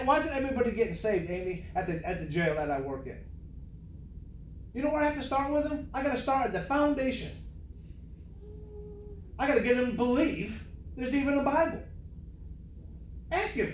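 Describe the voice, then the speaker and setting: A man preaching a fervent, emphatic sermon, repeating words for stress. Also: very high voice. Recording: echoey room, faint noise.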